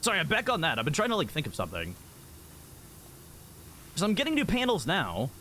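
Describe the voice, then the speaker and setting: Bright, lively young-sounding man streaming a game. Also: fairly high pitch, brisk, a little hiss or hum. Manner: rambling, giggly, easily excited, many "like" fillers. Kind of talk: casual live-stream chat while gaming.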